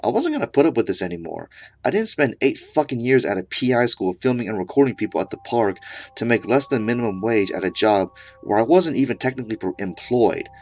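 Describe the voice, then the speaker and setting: A man's voice: mid-range voice, lively intonation, brisk, darkish tone, slight background noise. Mock-serious man reading a horror story. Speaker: narrator.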